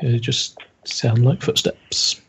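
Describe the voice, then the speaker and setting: A man's voice: medium pitch, takes it slowly, vocal fry, fairly bright tone, a little hiss or hum. A man narrating a tabletop horror game as game master, hesitant, with many ums.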